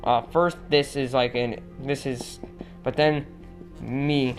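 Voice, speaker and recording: A man's voice: medium pitch, fairly even intonation, slow pace, faint music behind. Chatty teenage boy chiming in. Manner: chatty, interjects and corrects details. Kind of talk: casual storytelling chat.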